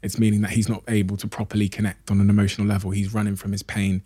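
Fast-talking husky male host. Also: on the low side, monotone, warm tone. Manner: measured, retells stories to frame questions. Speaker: podcast host interviewer. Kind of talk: in-depth interview questions.

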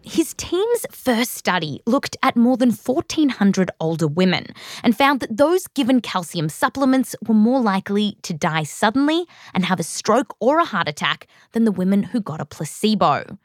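A woman's voice: mid-range voice, sing-song, moderate pace, few pauses, no room sound, clean studio sound. A woman with an Australian accent hosting a science show, narrating from a script in a playful, wry way and interviewing a guest. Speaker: host.

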